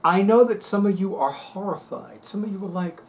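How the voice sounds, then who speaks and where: A man's voice: sits high, moderate pace, a little mellow, slight background noise. A man talking casually to viewers as a vlog host, sassy, emphatic and dramatic. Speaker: spiritual video host.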